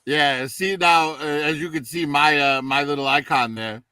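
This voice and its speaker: A man hosting a casual movie review chat, relaxed and rambling with many fillers, heard through a distant mic. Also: fairly high pitch, moderate pace, clear, resonant tone, dry recording. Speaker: podcast host.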